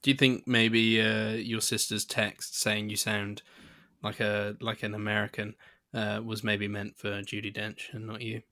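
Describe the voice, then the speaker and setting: A man's voice: on the low side, flat delivery, a little slow, pushed and bright. A man co-hosting a casual film podcast, asking curious questions and teasing his co-host with dry humor.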